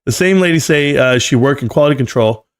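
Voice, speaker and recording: A man in his forties hosting a relaxed live stream. He talks in a loose, slangy, joking way and reads viewer comments aloud as they come in. His voice sits at an everyday middle pitch. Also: a little fast, smooth. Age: 40s. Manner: loose and joking, slangy, often says "bro".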